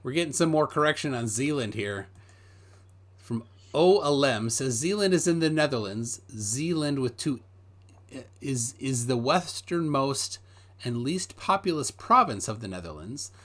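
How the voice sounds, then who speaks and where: A man's voice: mid-range voice, expressive, a little slow, fairly bright tone. A man from Minnesota, hosting a casual live stream and reading viewer comments aloud. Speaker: host reading chat.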